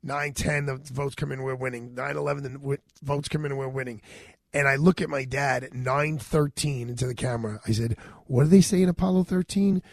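A man, a radio host telling a personal story with a sore throat, animated and retelling dialogue. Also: medium pitch, fairly quick, no room sound. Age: 50s.

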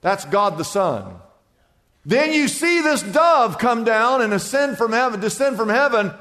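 Brief: male pastor, high voice, lively sermon delivery with repeated phrases, big echoing church hall. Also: measured pace. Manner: animated preaching, repeats phrases, asks the congregation questions. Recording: long hall reverb.

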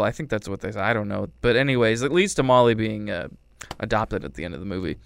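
A man's voice: lowish voice, animated, creaky, fairly bright tone, smooth, no echo. Wry man rambling through a movie review. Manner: rambling, wry, slips into quick character voices. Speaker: film reviewer.

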